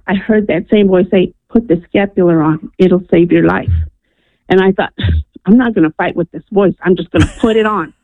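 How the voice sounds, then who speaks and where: Phoning in to a call-in radio program, a New Mexico woman shares a personal story with earnestness and animation, voicing the characters in it. Her pitch is medium. The narrow, tinny phone line makes her sound dry, with no room sound.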